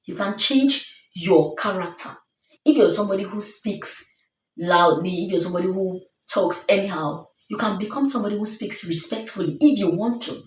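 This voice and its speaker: A woman's voice: mid-range voice, moderate pace. A woman giving a motivational self-help talk, earnest and emphatic, hammering her points home with repeated phrases. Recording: roomy sound, distant mic.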